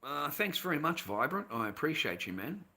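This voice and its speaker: An Australian man rants on a livestream in a rambling, swear-heavy way, swinging between muttering and loud bursts. His voice is very bright and cutting, set a little above the usual male pitch. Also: sing-song, normal speed, vocal fry. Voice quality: profane, rambling, with swinging loudness. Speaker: livestreamer reading chat. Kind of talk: casual ranting monologue.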